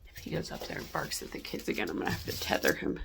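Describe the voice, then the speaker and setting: A middle-aged woman chatting casually and rambling through a home vlog. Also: fast. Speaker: vlogger. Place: home, indoors. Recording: noisy home recording.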